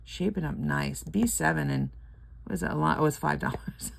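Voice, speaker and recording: A woman's voice: deep voice, animated, normal speed, vocal fry, slightly rough. An older woman chatting casually and rambling at home while scratching lottery tickets, laughing often.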